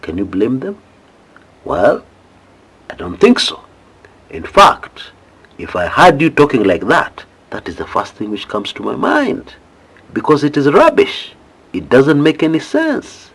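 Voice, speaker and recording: A man's voice: mid-range voice, huge pitch swings, unhurried, pauses often, a bit bright, breathy edge. A man with a Kenyan accent giving impassioned political commentary, pleading with his listeners and firing off rhetorical questions.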